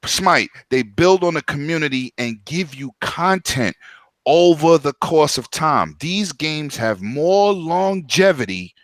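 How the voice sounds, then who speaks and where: A man's voice: on the high side, lively intonation, slow pace, fairly bright tone, dry recording. A man from New York co-hosting a casual podcast, making points in an emphatic, argumentative way. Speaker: podcast co-host.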